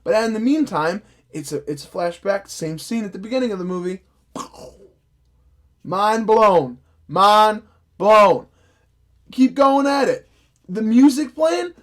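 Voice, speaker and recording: A man's voice: high voice, animated, unhurried, pauses often. A young man delivering a profane, sarcastic, exasperated movie review rant. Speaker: film reviewer. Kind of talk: ranting vlog review.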